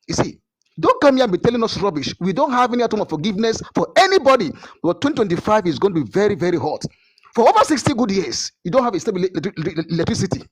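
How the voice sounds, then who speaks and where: A man's voice: high-pitched, rough recording. A Nigerian man giving an impassioned political speech as a guest, fiery and insistent, often repeating and stumbling over words. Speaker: guest speaker.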